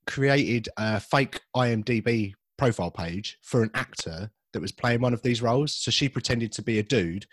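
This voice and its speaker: A man's voice: mid-range voice, normal speed, hardly any pauses, dry recording, studio quality. A man co-hosting a podcast in casual chat, jokey and rambling about films. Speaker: podcast co-host.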